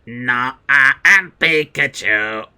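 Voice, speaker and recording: A man's voice: lively intonation, slow pace, smooth, heavily acted. A man doing a small, chirpy washed-up mascot creature. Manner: higher, louder, chirpy.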